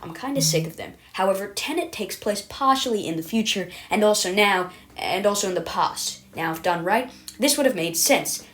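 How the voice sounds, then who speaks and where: A woman's voice: medium pitch, lively intonation, normal speed, fairly bright tone. Self-mocking woman reading a video essay. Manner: self-mocking, rambling, stumbles over words. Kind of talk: scripted commentary voice-over.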